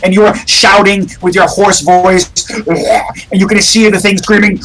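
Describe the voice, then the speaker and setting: Man, game master, tabletop horror game narration, slow, rambling, lots of restarts. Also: high voice, fairly even intonation, very noisy. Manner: rambling, many fillers and restarts.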